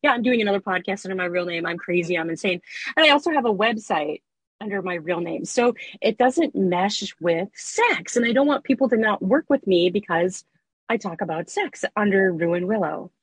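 Chatty husky woman, erotica narrator guest. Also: mid-range voice, moderate pace, dry recording, poor audio. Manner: chatty, animated storytelling with fillers and laughs. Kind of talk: casual interview chat.

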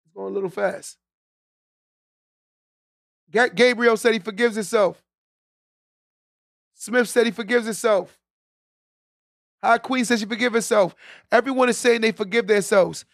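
A man's voice: high voice, vocal fry, fairly bright tone, no echo, clean studio sound. A man hosting a live stream, giving a preachy motivational talk to his viewers, repeating his key lines and often tagging them with "right?". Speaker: podcast host on a live stream.

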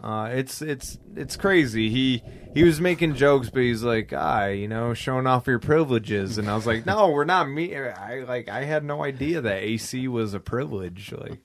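A man's voice: mid-range voice, moderate pace, hardly any pauses, slight background noise. A young man co-hosting a podcast in casual chat, rambling with fillers and swearing as he laughs. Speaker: podcast co-host.

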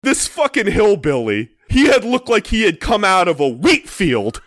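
A middle-aged man with a high, lively voice tells a story on a podcast, excitable and profane. He slips into the shouting parents he is mocking. His tone is bright and the room is dry. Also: moderate pace, dry recording. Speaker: podcast co-host and youth soccer parent. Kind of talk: animated storytelling chat.

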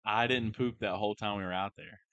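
Young dude cohosting a podcast, lowish voice, laid back, dry sound. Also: male voice, fairly quick, fairly bright tone, dry recording, muffled recording. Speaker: podcast co-host. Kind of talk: casual chat.

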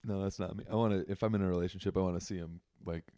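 A man's voice: low-pitched, rapid-fire, no echo. A man co-hosting a comedy podcast, a stand-up comic who laughs often and mocks himself in loose chat. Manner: laughs often, lively and self-mocking. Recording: dry close-miked.

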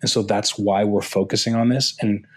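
A man appearing as a podcast guest, speaking in a measured way about his work and where to find him. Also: fairly low pitch, fairly even intonation, husky. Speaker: podcast guest, author and consultant. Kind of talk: casual podcast interview.

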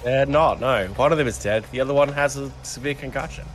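A man playing a tabletop game, describing his character's actions in an unhurried way. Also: medium pitch, slight background noise. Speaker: player.

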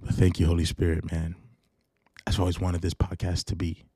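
A man hosting a late-night solo faith podcast, preaching earnestly and shifting between fervent and quiet, intimate delivery. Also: sits low, monotone, a little fast, husky, no echo, studio quality. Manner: earnest preaching, gets worked up then goes quiet and intimate. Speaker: podcast host.

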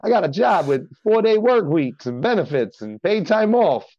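A man putting on an Italian-American accent to play a brash wiseguy pitching a great new job. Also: very animated, moderate pace, a little mellow, no room sound, lo-fi sound. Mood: boastful.

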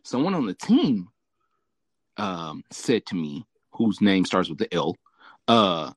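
Measured and creaky, this lowish male voice belongs to a podcast host from Southern California, recorded with no room sound. He's casually chatting and telling a story, swearing heavily and laughing as he animates it.

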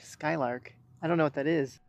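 A woman hosting a ghost hunt outdoors, asking spirits calm, firm, repeated questions. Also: deep voice, moderate pace, slight background noise. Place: outdoors in a park at night.

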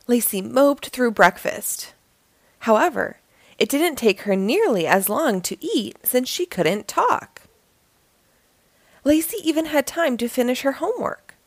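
A woman hosting a storytime, reading a children's book aloud in a lively, expressive way. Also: high-pitched, a little slow, no room sound. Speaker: storytime host.

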